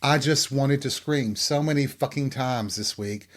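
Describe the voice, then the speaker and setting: A man's voice: medium pitch, unhurried, few pauses. A man hosting his own show, ranting crudely and sarcastically. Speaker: podcast host. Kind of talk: profane comedic rant.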